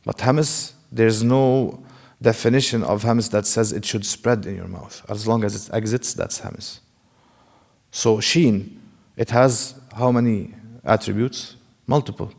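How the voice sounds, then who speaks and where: Slow, gravelly-voiced male teacher in a hall. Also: on the low side, darkish tone. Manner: explanatory, demonstrates letter sounds, asks rhetorical questions. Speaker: Quran recitation teacher. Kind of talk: classroom lecture. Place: mosque classroom.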